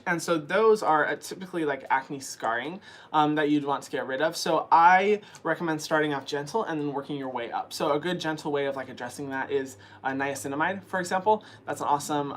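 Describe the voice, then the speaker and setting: Young guy talking skincare, lots of ums and likes, kinda high voice, morning voice. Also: fairly bright tone, slight background noise. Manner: chatty, frequent fillers like "um" and "like". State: early morning voice. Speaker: skin care channel host answering viewer questions. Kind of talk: casual chat.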